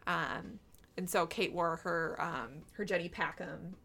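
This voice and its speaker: A woman's voice: fairly low pitch, unhurried, creaky, sharp tone. A woman co-hosting a casual chat, rambling with many fillers and restarts. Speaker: podcast co-host.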